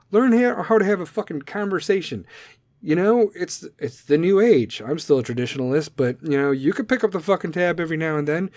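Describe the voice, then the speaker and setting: A man's voice: fairly high pitch, no room sound. Blunt, foul-mouthed ranting man. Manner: blunt, aggressive, swears constantly, swings loud and soft. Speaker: podcast segment host. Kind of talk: profane rant to listeners.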